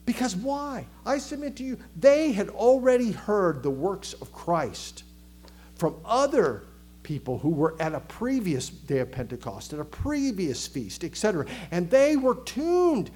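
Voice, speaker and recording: A man preaching a sermon with a Southern American accent, animated, acting out crowd voices and dropping to a hush for emphasis. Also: sits high, measured pace. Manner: animated, acts out crowd voices, swings from loud to hushed. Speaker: pastor.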